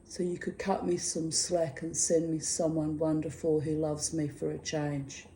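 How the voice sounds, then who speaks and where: A woman's voice: sits low, level tone, measured pace, dark tone, slight background noise. A woman talking candidly in a casual video diary, rambling and muttering asides to herself. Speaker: vlogger.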